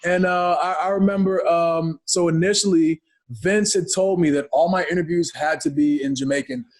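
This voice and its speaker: A man from Ghana, a podcast guest, telling stories in a lively, chatty way and acting out other people's voices. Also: on the high side, moderate pace. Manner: lively storyteller who acts out voices. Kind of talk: casual interview chat.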